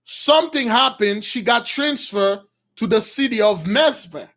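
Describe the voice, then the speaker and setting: A man's voice: very high voice, expressive, measured pace, a bit bright. A man preaching, retelling a story to his listeners and addressing them as brothers. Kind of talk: sermon storytelling.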